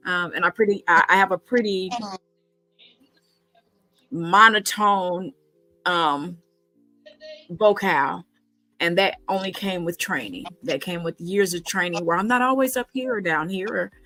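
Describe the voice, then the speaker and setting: A woman's voice: fairly low pitch, a little slow, creaky, pauses often, pushed and bright, no room sound, soft background music, rough recording. A middle-aged woman hosting a casual conversational show, talking emphatically with rhetorical questions and frequent ums and restarts. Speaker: podcast host.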